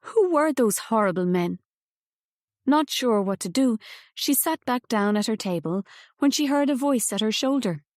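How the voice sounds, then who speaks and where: A woman reading an audiobook in a measured, even storytelling manner. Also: fairly high pitch, no echo. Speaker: audiobook narrator. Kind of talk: scripted narration. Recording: dry close studio sound.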